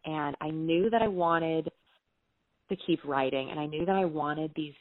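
Woman, guest writer, animated storyteller, phone-line sound. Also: low-pitched, moderate pace, dry recording. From American South. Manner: animated, acts out quoted dialogue. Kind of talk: casual conversational storytelling.

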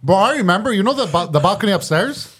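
A young man reminiscing in a casual podcast chat. He sounds lively and says "bro" often. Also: sits high, fast, breathy edge. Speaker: podcast co-host.

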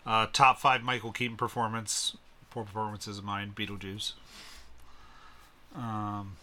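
A man co-hosts a loose podcast conversation with friends, laughing between thoughts and circling back on his own sentences. His voice is very bright and forward, with a faint hiss of noise behind it. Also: on the low side, a little slow. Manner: laughs often, animated, restarts sentences. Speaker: podcast co-host. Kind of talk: casual chat.

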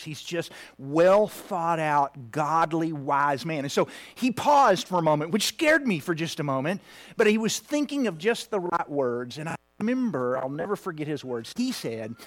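A man in his fifties preaching a heartfelt personal story, at times dropping to a hushed near-whisper. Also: fairly high pitch. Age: 50s.

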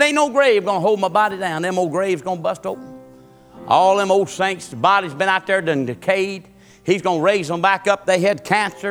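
A preacher delivers a sermon in a slightly high voice. He drops into hushed, murmured passages and then climbs back into fervent, rising cadences. The voice rings through a long-reverb church hall with faint music underneath. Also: normal speed.

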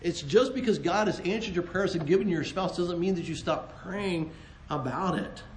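Brief: high-pitched man, earnest Christian marriage talk with jokes, roomy echo. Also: normal speed, slight background noise. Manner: earnest and animated, joking, with repeated restarts. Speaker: co-host, married couple ministry.

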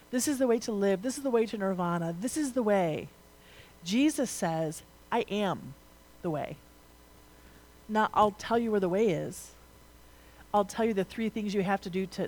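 A woman's voice: medium pitch, low-quality recording. A young woman preaching a sermon in a conversational way, using lots of casual fillers and turning emphatic at key points. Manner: conversational, rising to emphatic, frequent "like" and "right?".

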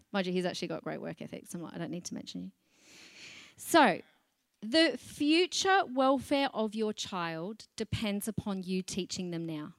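A middle-aged woman pastor, preaching a sermon in a chatty, lively way and laughing between points. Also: mid-range voice, a little slow, no room sound.

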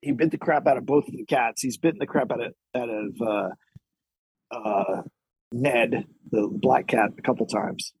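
A man co-hosting a casual chat, rambling through animated stories with lots of fillers. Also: medium pitch, normal speed, breathy edge, no room sound. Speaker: podcast co-host.

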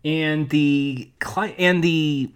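A podcast host chatting casually, quick to joke and laugh. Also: medium pitch, smooth. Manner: lively, laughing, quick quips.

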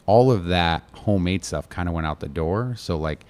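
A man from Connecticut, a chef and restaurant owner, telling family stories in a casual interview, animated and quoting his relatives, with lots of "like". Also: sits low, moderate pace, clean tone. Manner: animated, quotes family members, heavy use of "like".

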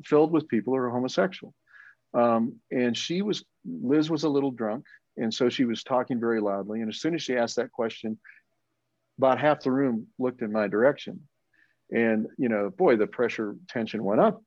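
A man's voice: medium pitch, a little mellow, no echo. A man who helps start churches, telling a story in earnest, rambling conversation with many restarts. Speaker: church planting leader. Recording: muffled lo-fi audio.

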